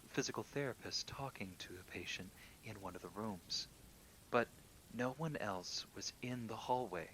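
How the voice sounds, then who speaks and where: A man with a lowish voice that has a crisp, bright edge reads true horror stories in a calm, understated way. He often sinks into hushed near-whispers at the tense moments. Soft rain patters faintly in the background. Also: slight background noise. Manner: calm, low-key reading that drops into hushed near-whispers. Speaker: horror story reader. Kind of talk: reading listener-submitted true horror stories.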